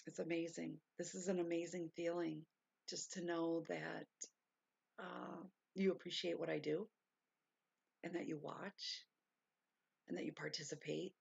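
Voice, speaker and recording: A woman chatting casually to her stream viewers from her bedroom, repeating herself and gushing with excitement, sometimes keeping her voice down. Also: fairly low pitch, measured pace, vocal fry, pauses often, slightly rough, no echo. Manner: hushed at times to stay quiet. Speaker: vlogger. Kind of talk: casual livestream chat. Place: bedroom at home. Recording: dull lo-fi sound.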